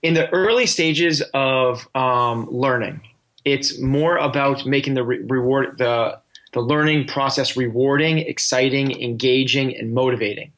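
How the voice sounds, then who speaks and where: A man with a mid-range, fairly bright voice speaks at an unhurried pace as a coaching guest on a podcast. His casual interview talk is earnest, full of fillers and frequent sentence restarts.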